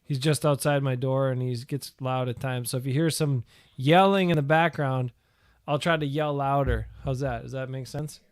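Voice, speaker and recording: A man's voice: medium pitch, fairly even intonation, normal speed, no room sound. A man co-hosting a fan talk show over a video call, joking and teasing, and often repeating himself. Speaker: co-host of a sports fan show.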